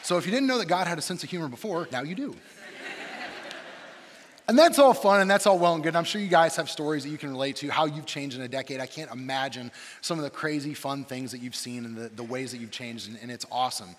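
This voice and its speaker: A man in his thirties, a campus pastor, preaching a humorous sermon and telling stories about himself in an animated, self-deprecating way. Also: fairly high pitch, fast, big-room sound. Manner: animated, self-deprecating storyteller with shifting energy.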